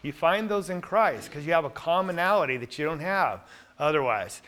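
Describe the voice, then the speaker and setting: A man's voice: fairly high pitch, expressive, normal speed, a bit bright. A man teaching a Bible study class, reading scripture aloud and asking the group questions.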